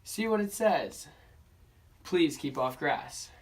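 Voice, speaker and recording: A man's voice: a little high, animated, slow, far from the mic. A young man reading an eager little boy.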